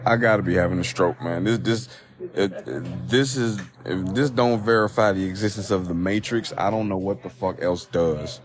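A man with a somewhat low voice hosts a solo podcast, reading news items aloud and breaking off into profane, disbelieving rants. He talks in rambling bursts, full of restarts. It is recorded on a phone. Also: normal speed, pauses often. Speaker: podcast host.

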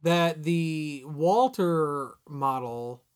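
Guy on a podcast chatting about a movie, kinda high voice, rambly. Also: extremely slow, smooth. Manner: rambling, restarts, says "like" a lot. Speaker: podcast co-host. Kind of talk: casual movie discussion.

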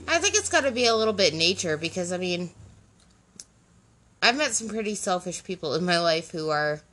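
A woman's voice: lowish voice, lively intonation, a little fast, bright, forceful tone. A woman chatting casually as a podcast co-host, explaining her points and often checking in with "right?". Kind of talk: casual conversational chat.

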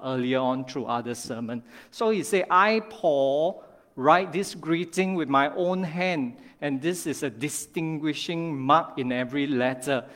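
A male pastor delivers a sermon in a measured, unhurried way. His voice sits a little high and he stresses key phrases, pausing with small fillers. The sound carries a long reverb from a church hall. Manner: measured, deliberate preaching with repeated emphasis and fillers. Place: church sanctuary.

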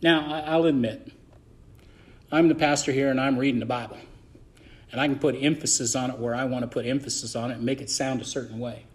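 A man preaching as pastor of a church, swinging between loud emphasis and soft asides as he reads and explains scripture. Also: medium pitch, steady tone, brisk. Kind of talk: sermon.

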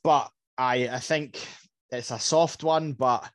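A Scottish man on a podcast, chatting about football in an animated, rambling way. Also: mid-range voice, takes it slowly, dry recording. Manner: animated, rambling, repeats words. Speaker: podcast co-host. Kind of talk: casual football chat.

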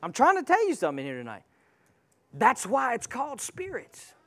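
High-pitched emphatic man preaching. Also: huge pitch swings, moderate pace. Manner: emphatic, calls out to the congregation. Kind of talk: sermon.

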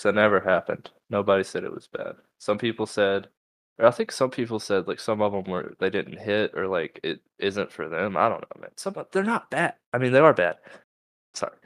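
A man's voice: on the low side, expressive, moderate pace, fairly bright tone, no room sound. A young man co-hosting a podcast in casual, profane, rambling chat, at times reading a post aloud and reacting to it. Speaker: podcast co-host.

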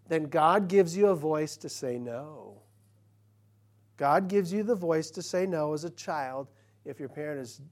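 Man preaching, slightly high voice. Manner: preaching, swinging from quiet storytelling to loud emphatic scripture lines. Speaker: pastor. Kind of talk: sermon. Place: church.

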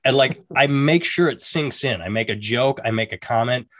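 A man's voice: mid-range voice, moderate pace, fairly bright tone, no room sound. A middle-aged man co-hosting a casual chat, rambling and telling stories, breaking off to act out the voices of people he quotes. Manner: rambling, self-interrupting, acts out quoted voices. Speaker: podcast co-host.

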